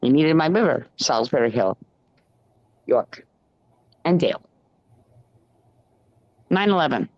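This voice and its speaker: A man's voice: a little high, big pitch swings, measured pace, vocal fry, long pauses. Man in a profane rambling rant. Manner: rambling, profane, chanting and sing-song. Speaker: ranting monologuist. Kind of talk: profane stream-of-consciousness rant. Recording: dull lo-fi dry recording.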